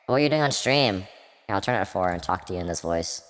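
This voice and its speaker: A man's vocoder-processed low voice. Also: expressive, fast, fairly bright tone. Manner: rambling, joking stream commentary. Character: formant-shifted version of his own voice. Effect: vocoder formant shift. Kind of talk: live stream chatter.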